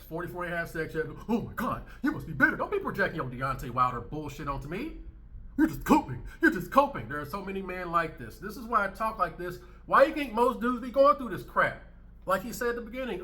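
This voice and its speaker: A man with a bright, forceful voice sitting a touch high for a man delivers commentary on clips he is playing. He talks bluntly and emphatically, circling back to the same lines again and again to drive them home. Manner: blunt, emphatic, repeats his points. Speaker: commentary channel host.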